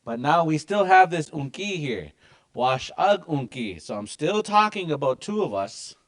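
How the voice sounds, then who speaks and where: A man's voice: fairly high pitch, sing-song, unhurried. A man teaching a language class with lots of energy and emphasis.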